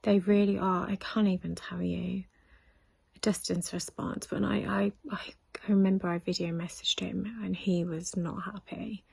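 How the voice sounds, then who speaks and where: Husky British woman, half-whispering. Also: mid-range voice, flat delivery, a little mellow, no echo. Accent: British English. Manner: emotional, halting, often near a whisper. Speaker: vlogger. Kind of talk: personal storytelling vlog.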